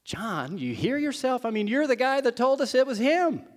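A preacher putting on an incredulous, exasperated disciple. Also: male voice, fast, husky. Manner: high, loud, incredulous outburst.

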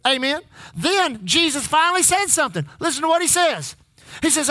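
A man preaching a sermon, leading the congregation in call-and-response and repeating key lines, shifting between loud emphasis and low asides. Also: sing-song, moderate pace, no echo. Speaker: pastor.

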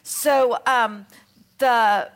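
She draws out her words in a slightly high, clean-toned voice with fairly even intonation and an Australian accent. A Bible teacher, she teaches scripture in a chatty, conversational way with light self-mocking asides, reading verses aloud between remarks.

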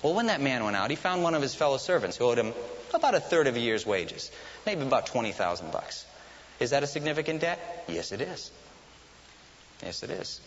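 A man preaches a sermon with animated, rising and falling emphasis. He keeps asking the congregation questions and supplying the answers. The recording is muffled and faintly hissy, with a long reverb from a large hall. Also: mid-range voice, fairly quick. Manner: asks the congregation questions and answers them himself. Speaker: pastor.

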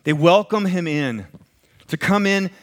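A man's voice: sits high, unhurried. A man preaching a sermon, telling stories in a conversational way and acting out quoted voices. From American Midwest. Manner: animated storytelling, acts out quoted voices, chuckles. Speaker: pastor.

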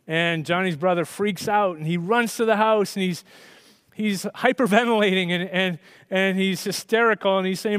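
A man's voice: sits high, normal speed, fairly bright tone, clean tone, no echo, studio quality. A man, a pastor, preaching a sermon and telling a story in a conversational way with frequent restarts.

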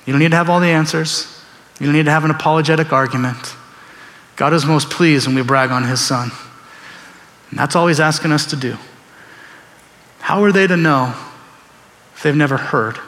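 Man, pastor, preaching, slightly high voice, long hall reverb, chatty storytelling delivery. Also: moderate pace, pauses often, a bit bright. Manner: conversational preaching, acts out quoted voices. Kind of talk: sermon. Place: church sanctuary.

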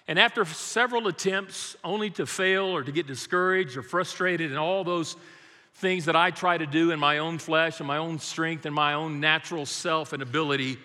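A man's voice: on the high side, expressive, moderate pace, bright, forceful tone. An older man, a great-grandfather, preaching a sermon in a church, praying and telling folksy, humorous family stories. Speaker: guest preacher. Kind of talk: sermon with prayer and storytelling. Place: church sanctuary. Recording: long reverb of a large hall.

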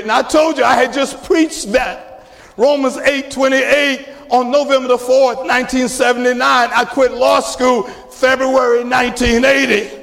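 A man, preaching a sermon and building to shouted emphasis. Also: very high voice, creaky. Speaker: pastor. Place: church sanctuary. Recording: long church reverb.

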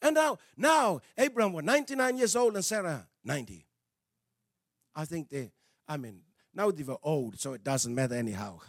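Preacher, male; high and gravelly voice, dry close sound, swings from hushed asides to shouts. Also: animated, normal speed, dry recording. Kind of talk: sermon.

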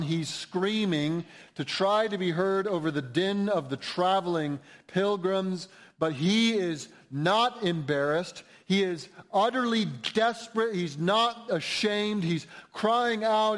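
A man's voice: fairly high pitch, slow. A man preaching an expository sermon, emphatic and building intensity at key points. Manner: emphatic, rising to near-shouts when quoting cries. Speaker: pastor.

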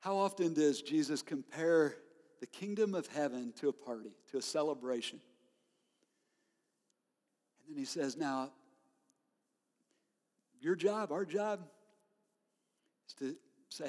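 A man preaching to his congregation, his slightly high voice rising with animated storytelling and frequent laughter. Long reverb trails his words through the sanctuary. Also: slow, long pauses. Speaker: pastor. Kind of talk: sermon.

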